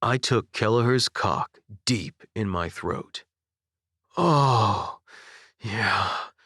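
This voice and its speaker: A young man narrating a first-person audiobook with intimate, expressive storytelling. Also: lowish voice, slow pace, no room sound, studio quality. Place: dry recording booth. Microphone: studio microphone.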